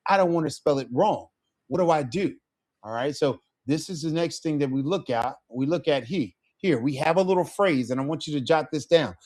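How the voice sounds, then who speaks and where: A man's voice: on the high side, moderate pace, a little mellow. A man teaching a live Spanish lesson, encouraging his student and checking in with frequent questions.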